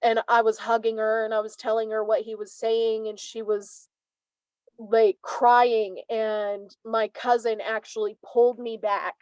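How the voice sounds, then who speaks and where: A woman in her twenties, a tarot reader, telling stories as an interview guest in a chatty, animated way with many "like" fillers. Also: on the high side, measured pace, no echo, low-quality recording. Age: 20s. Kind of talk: casual interview storytelling.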